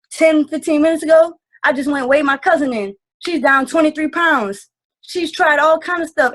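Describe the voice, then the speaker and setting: A woman's voice: high voice, low-quality recording. A woman giving a casual testimonial on a video call, earnest and rambling, with lots of fillers. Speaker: team member sharing takeaways.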